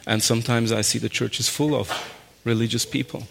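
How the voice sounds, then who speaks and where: A man speaks at an ordinary mid-range pitch as he shares a personal faith story. He is earnest and a little halting, restarting his sentences and slipping in short laughs as he goes. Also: fairly even intonation, vocal fry, a little hiss or hum. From raised in a Muslim family. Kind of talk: personal testimony talk.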